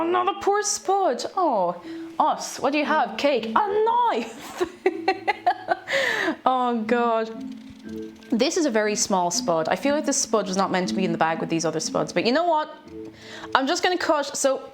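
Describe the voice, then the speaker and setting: An Irish woman in casual livestream chat while cooking, chatty and self-mocking, greeting viewers by name. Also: on the high side. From Ireland. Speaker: streamer. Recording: faint background music.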